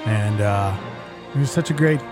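A man co-hosting a morning radio show, speaking casually and softly, moved at times. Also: fairly low pitch, moderate pace, over music. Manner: soft-spoken, emotional.

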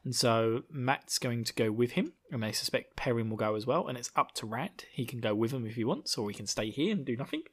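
A man's voice: medium pitch, lively intonation, fairly quick, hardly any pauses, breathy edge. Rambling, chuckling man. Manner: rambling, laughs often, puts on silly character voices. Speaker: book discussion podcaster. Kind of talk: casual chat recapping a book.

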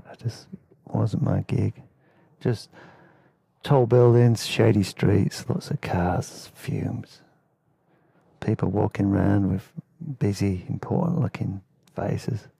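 A man's voice: fairly low pitch, creaky, dark tone, breathy edge, no room sound. A man with an English accent narrating his travel memoir in a laid-back, candid way, swearing casually. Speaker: storyteller.

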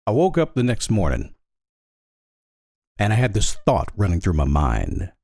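A man's voice: fairly low pitch, huge pitch swings, a little slow, vocal fry, warm tone, dry recording, clean studio sound. A man giving a blunt, emphatic motivational monologue in a folksy, preaching way. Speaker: motivational speaker.

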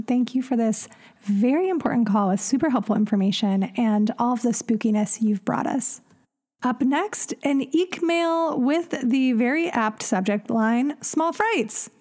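A woman's voice: a little high, darkish tone. A woman hosting a podcast, chatting casually in an upbeat, gushing way. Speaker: podcast host.

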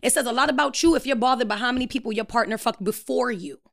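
A woman with a somewhat high voice talks casually on a podcast. She is blunt and profane and drifts into preachy rants. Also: fast, gravelly, fairly bright tone. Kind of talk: casual chat.

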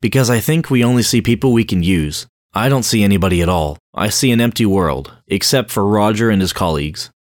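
A guilt-ridden male doppelganger from a dark audiobook, talking in a desperate, shaken way, as a man reads him. The voice sits low and the recording is dry and close. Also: fairly quick, few pauses, dry recording, close to an everyday voice.

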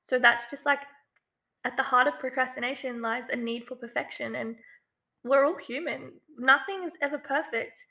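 Bright upbeat woman podcast co-host. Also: sits high, moderate pace, gravelly. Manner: upbeat, chatty, uses many fillers. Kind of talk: casual podcast chat.

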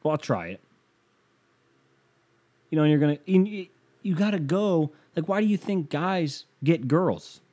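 A young podcast host with a fairly high, mellow voice speaks at a moderate pace. His comedic monologue is casual and meandering, dryly wry and heavy on fillers.

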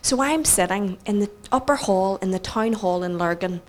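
A woman's voice: medium pitch, normal speed, slight background noise. Northern Irish woman preaching with humour. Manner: animated, self-mocking storytelling with acted quotes. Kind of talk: storytelling sermon.

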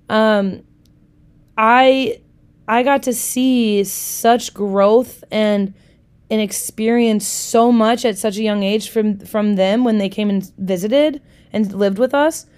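A young woman from the United States hosting a solo podcast, talking in a chatty, candid way with frequent swearing and lively asides. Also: medium pitch, clear, resonant tone. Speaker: podcast host. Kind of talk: casual solo podcast chat.

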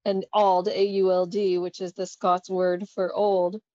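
A woman's voice: on the low side, level tone, unhurried, dark tone, no echo, dull audio. A woman co-hosting a casual chat, amused as she retells and reads out comic dialogue. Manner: amused, laughs often. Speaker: podcast co-host.

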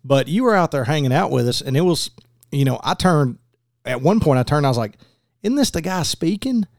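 A man's voice: medium pitch, expressive, brisk, creaky, a little mellow, no room sound. Podcast host guy, friendly and rambly, dry close sound. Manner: friendly, rambling, repeats his words. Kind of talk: casual conversation.

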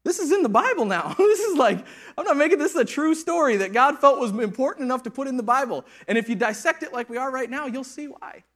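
A man preaching a sermon in an animated, conversational way, with laughing asides. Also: very high voice, quick pace, hardly any pauses.

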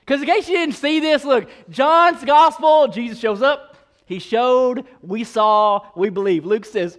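High-voiced, animated male preacher. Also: measured pace. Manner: animated, playful, shifting pace. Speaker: pastor. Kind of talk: sermon.

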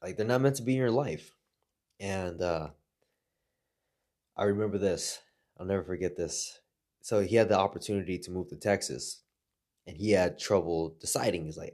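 A man's voice: sits low, moderate pace, pauses often, darkish tone. A man telling rambling stories in a casual chat, swearing a lot. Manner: rambling, heavy swearing, laughs through his stories. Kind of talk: casual storytelling.

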